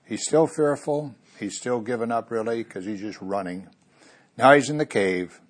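A man's voice: mid-range voice, normal speed. A man preaching a sermon, earnest, bringing the story's voices to life as he goes.

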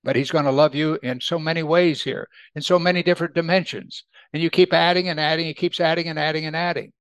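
A man preaching a conversational sermon who grows animated when he quotes scripture. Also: fairly high pitch, fast talker, smooth, dry recording. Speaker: pastor.

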